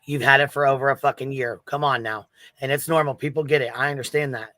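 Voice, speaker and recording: Bright-voiced man mocking, swearing. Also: medium pitch, steady tone, quick pace, no echo, low-quality recording. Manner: mocking, profane, combative. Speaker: commentary host. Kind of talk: reaction commentary.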